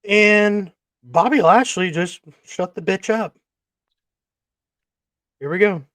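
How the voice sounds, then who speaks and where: A man hosts a podcast in a loud, profane, emphatic rant. His pitch sits a bit high and he talks slowly. The sound is dry and close. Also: no echo. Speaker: podcast host. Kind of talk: casual wrestling podcast chat.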